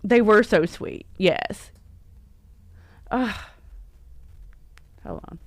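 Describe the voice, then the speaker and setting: A woman's voice: medium pitch, drawn-out words, dry recording. A middle-aged woman, hosting a casual live stream, chatty, emotional, and close to tears as she laughs. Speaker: livestream host and horror store owner.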